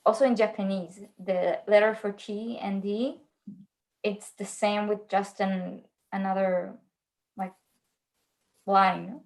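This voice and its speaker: A woman's voice: mid-range voice, fairly even intonation, slow pace, pauses often. A woman chatting as a guest on a video call, giggly and rambling as she tells stories. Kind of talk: casual video chat.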